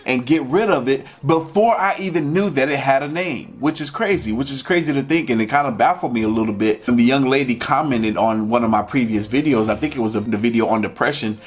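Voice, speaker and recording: A man's voice: mid-range voice, fairly quick, few pauses, husky. Candid, emotional man vlogging. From Georgia, USA. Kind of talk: personal storytelling to camera.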